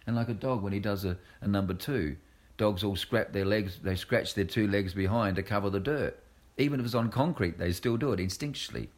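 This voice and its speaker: A man's voice: lowish voice, a little fast. A man from Australia, a guest entertainer telling stories in a casual interview, acting out voices as he goes. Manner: animated storyteller, acts out voices.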